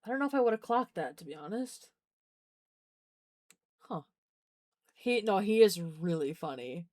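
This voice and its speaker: A woman's voice: fairly low pitch, lively intonation, unhurried, a little mellow, no room sound, clean studio sound. A young adult woman streamer chatting casually, rambling, giggling often, and repeating herself. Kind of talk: casual chat.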